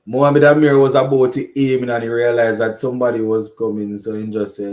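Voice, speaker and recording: A lively Caribbean man calls a cricket match live for an online watch-along, breaking into laughter and switching between standard English and local Creole. His voice sits at an ordinary pitch, and the recording has a roomy, echoey feel. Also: brisk. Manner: excitable, laughs often, slips into local Creole.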